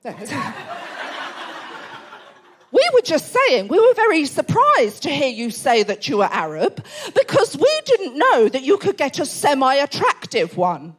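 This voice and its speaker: A woman's voice: high voice, wildly swooping pitch, a little slow, heavily acted. A woman voicing a pushy, clueless middle-aged dad on stage, eager and oblivious.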